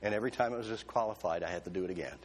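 A male pastor preaching a sermon, telling a story with humor and lively, excited quotes of himself. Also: fairly low pitch, racing.

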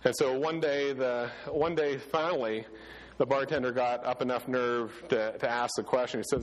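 A pastor giving a casual, conversational sermon full of restarts and fillers. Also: male voice, medium pitch, fairly even intonation, normal speed, big-room sound, rough recording.

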